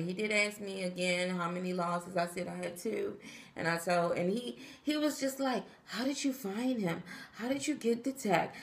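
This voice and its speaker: A woman's voice: lowish voice, fairly bright tone. Tired, chatty woman in an echoey room. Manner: chatty, talks straight to viewers, acts out quotes. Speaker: pregnancy vlogger. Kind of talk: casual chat to camera.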